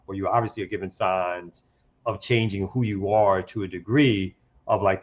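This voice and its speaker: Slangy low-voiced man on a lo-fi mic. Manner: slangy, loose, talks in restarts and asides. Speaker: co-host. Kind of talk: casual talk-show discussion. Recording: dull lo-fi sound.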